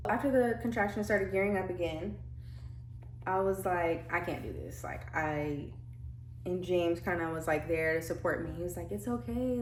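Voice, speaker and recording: Chatty young mom vlogger, low voice, echoey room, lots of "like" fillers. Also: female voice, lively intonation, moderate pace, slight background noise. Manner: chatty, many "like" fillers, acts out quotes. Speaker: vlogger telling her birth story. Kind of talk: casual storytelling. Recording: echoey room with faint ambience.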